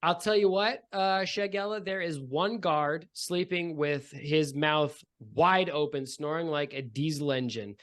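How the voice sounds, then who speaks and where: A man's voice: a little high, unhurried, few pauses, fairly bright tone. A man narrating a tabletop game as game master, chatty and descriptive with many fillers.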